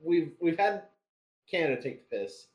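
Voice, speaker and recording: A man hosting a podcast in casual chat, easygoing and quick to chuckle. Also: a little high, lively intonation, a little mellow. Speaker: podcast host.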